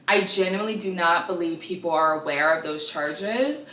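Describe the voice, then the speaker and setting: A woman in her twenties hosting a casual gossip podcast, chatty and animated with sassy asides. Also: fairly low pitch, moderate pace, recorded from a distance. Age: 20s. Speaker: podcast host. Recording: echoey room, a bit off-mic.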